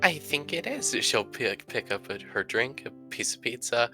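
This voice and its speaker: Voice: mid-range voice, expressive, normal speed, bright, forceful tone, faint music behind. A player in a tabletop role-playing game, narrating characters' actions and speaking lines as them, often calling others darling.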